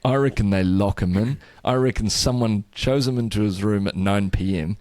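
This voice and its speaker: A man's voice: on the low side, normal speed, darkish tone, dry recording, clean studio sound. A man co-hosting a rugby podcast, cheeky and crude in casual banter. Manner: cheeky, crude, laughing joker. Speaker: podcast co-host.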